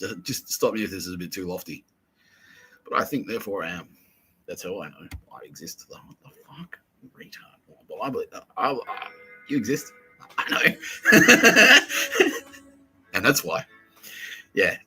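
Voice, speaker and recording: A man hosting a crude comedy podcast, swearing freely, laughing often and mimicking people in quick asides. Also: deep voice, sing-song, bright, forceful tone, a little hiss or hum, low-quality recording. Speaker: podcast host.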